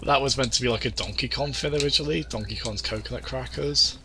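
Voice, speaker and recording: A man's voice: mid-range voice, fast, bright, forceful tone. A man casually chatting as he streams a video game, rambling from thought to thought and restarting his sentences, with game music behind him. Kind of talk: casual let's-play chat.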